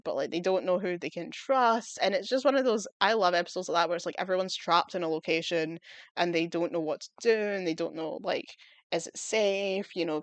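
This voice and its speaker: A woman's voice: mid-range voice, no echo. A woman chatting casually as she reviews TV episodes, enthusiastic and rambling, often breaking into laughter. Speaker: video reviewer.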